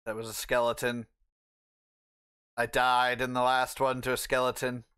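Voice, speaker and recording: A man's voice: medium pitch, completely flat delivery, normal speed, sharp tone, smooth. A man streaming a game live, chatting casually with a friend and reading chat aloud. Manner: easygoing, reads chat aloud while playing.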